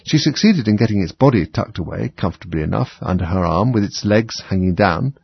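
A low-voiced man reading a storybook aloud, with a gravelly, husky grain and a lively, swooping delivery. The sound is dry and close, on a dull, lo-fi recording. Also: a little fast, no echo. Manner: animated, dramatic reading. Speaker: narrator.

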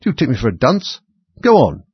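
A man voicing a pompous, blustering king who barks orders and threatens executions, in a husky voice. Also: medium pitch, huge pitch swings, fairly quick, no echo, dull audio, pitched above the performer's own voice, heavily acted. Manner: loud, commanding, self-important.

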